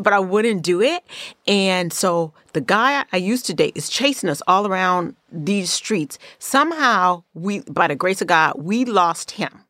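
A woman's voice: lowish voice, expressive, unhurried, a bit bright, no room sound, studio quality. A middle-aged woman from the Bay Area hosting a podcast, telling personal stories in casual, candid, profane chat. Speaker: podcast host.

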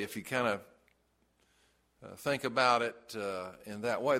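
A man preaching an evening Bible study sermon, halting with many fillers and then rising to emphatic stresses. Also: medium pitch, a bit bright. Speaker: pastor.

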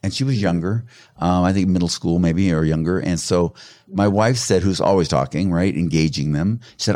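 A man in middle age with a very low voice talks through personality types in an easygoing way. He tells stories, slips into the voices of people he quotes, and laughs along with his own anecdotes. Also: normal speed. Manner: animated storyteller, acts out quoted voices; laughs while telling stories. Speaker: guest expert on personality colors. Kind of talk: conversational explaining with anecdotes.

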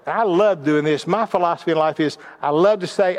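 A middle-aged man with a notably high voice delivers a sermon-style lesson on leadership. He tells personal stories and often stumbles over words, repeating them as he restarts. His teaching has a narrative flow. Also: brisk.

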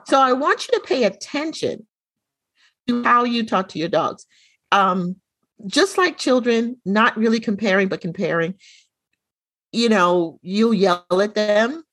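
Middle-aged female co-host, chatty and animated, dry close-mic sound. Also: medium pitch, unhurried, dry recording. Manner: animated storyteller, acts out quoted dialogue. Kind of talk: casual chat, storytelling.

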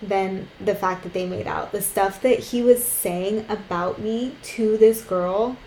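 Podcast co-host, woman, young adult. Frank, profane storyteller, mellow tone, echoey room. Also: medium pitch, slow pace, a little hiss or hum. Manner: candid storytelling, swears freely, acts out quotes. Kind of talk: casual chat.

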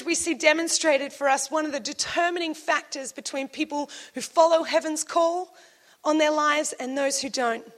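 A woman preaching with a clearly high voice. She tells her stories with animation and acts out the people she quotes in short bursts. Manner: animated storytelling, acting out quoted speakers. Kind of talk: sermon.

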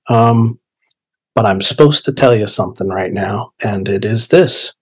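Husky-voiced man telling a story. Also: fairly low pitch, moderate pace, poor audio. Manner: animated, conversational, lots of fillers and quoted inner dialogue. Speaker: podcast guest storyteller. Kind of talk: casual personal storytelling.

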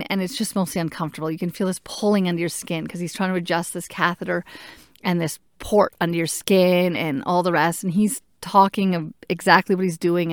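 A woman casually telling a personal story in an animated way, acting out what people said to her. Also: on the low side, clean tone, no room sound, studio quality. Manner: animated, acts out what others said. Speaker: patient recounting a procedure.

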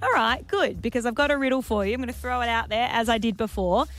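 Australian woman, radio co-host, bright-pitched, self-mocking banter over a light music bed. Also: expressive. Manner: giggly, self-mocking, quick to laugh. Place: radio studio.

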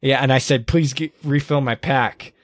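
A man casually retelling a hard race on a podcast, earnest and halting, with many restarts and quoted lines. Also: mid-range voice, fairly even intonation, dry recording, studio quality. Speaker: podcast host recounting a race. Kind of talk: casual storytelling chat.

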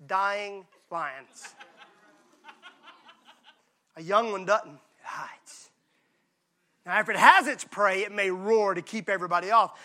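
A male pastor from Mississippi, preaching a lively, joking, conversational sermon. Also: very high-pitched. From Mississippi, USA.

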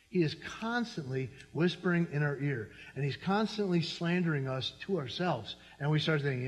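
A man's voice: a little high, animated, moderate pace, hardly any pauses, long reverb tail. A middle-aged man pastor preaching a sermon in a church, talking conversationally and turning to the congregation with asides. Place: church sanctuary.

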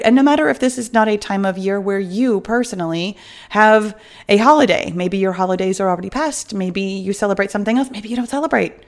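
A middle-aged woman hosting a fitness podcast as a weight loss coach, chatty and upbeat, laughing often and wandering off on tangents. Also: medium pitch. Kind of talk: casual podcast monologue.

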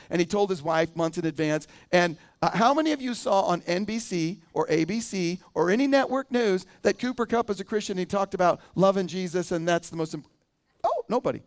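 A man with a high voice delivers a sermon to his church. He preaches casually, stopping often to ask the people in the pews questions. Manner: conversational, asks the congregation questions. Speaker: pastor.

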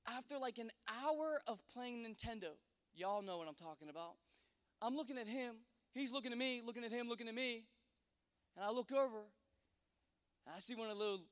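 Speaking to a listening audience, a man with a very high voice tells a lively, funny story from his own life. He wanders, trips over restarts and relies on fillers, while a large hall's long reverb trails each line.

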